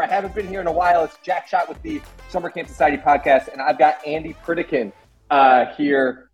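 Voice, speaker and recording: A young man hosting a podcast. He is excitable and swears a lot, and his speech is full of fillers. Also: fairly high pitch, brisk, soft background music, poor audio. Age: young adult. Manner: excitable and profane, hedges with fillers. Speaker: podcast host. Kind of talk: casual podcast conversation.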